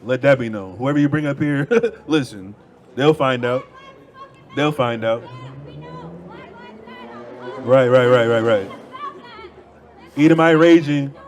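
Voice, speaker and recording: A man's voice: mid-range voice, slow pace, long pauses, some chatter behind. A man preaching outdoors on a city street through a handheld microphone, arguing in a heated debate, dismissive and repeating himself.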